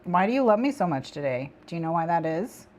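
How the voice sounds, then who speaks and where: A woman's voice: on the low side, sing-song, fast talker, darkish tone. A woman hosting a co-working stream, chatting with viewers and her cat, giggling and repeating herself. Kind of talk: casual stream chat.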